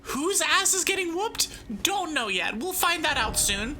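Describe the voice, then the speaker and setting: A woman's voice: sits high, animated, normal speed, few pauses, music in the background. A woman streaming a video game, chatting casually and giggling, talking to herself as she plays. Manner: chatty, giggly, self-mocking; thinks aloud while playing.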